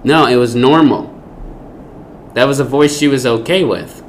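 Male Bible teacher, average pitch, emphatic delivery with rhetorical questions, faint background noise. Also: normal speed.

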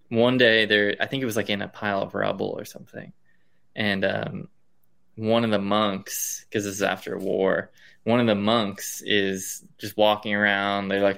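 Low gravelly-voiced man telling stories. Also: pushed and bright. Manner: fills with "like" and "um". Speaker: guest professor. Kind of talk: casual chat, storytelling.

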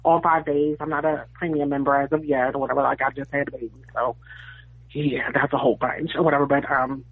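A woman's voice: extremely low pitch, little pitch movement, fast, no room sound. A woman caller leaving a chatty, gushing voicemail for a podcast. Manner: gushing, chatty, rambling with fillers. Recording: tinny phone voicemail.

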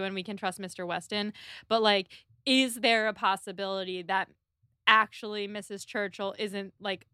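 A woman's voice: mid-range voice, bright, forceful tone, clear, resonant tone, no echo, clean studio sound. A woman co-hosting a podcast, chatting casually and summarizing a story's plot with playful asides. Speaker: podcast co-host. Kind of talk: casual book-club chat.

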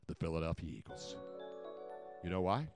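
A man hosting a sports talk show, excitable and chatty, repeating his points for effect. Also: normal speed, soft background music. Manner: excitable, repeats points, jumps in pitch and volume. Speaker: sports radio host.

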